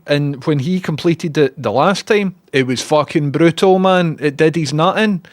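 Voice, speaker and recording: Rambling streamer, sweary and casual. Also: male voice, fairly high pitch, measured pace, few pauses, no room sound. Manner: rambling, sweary, self-mocking. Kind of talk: casual chat.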